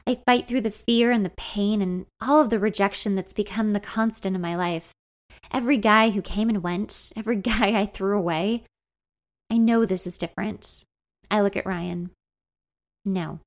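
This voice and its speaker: A woman narrating a first-person novel in an even, wry storytelling manner. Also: mid-range voice, normal speed. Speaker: audiobook narrator.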